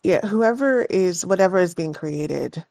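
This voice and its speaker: Woman doing a studious male shop owner, measured, explanatory, concerned, dry close sound. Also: fairly low pitch, expressive, creaky, a little mellow, no room sound. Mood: thoughtful.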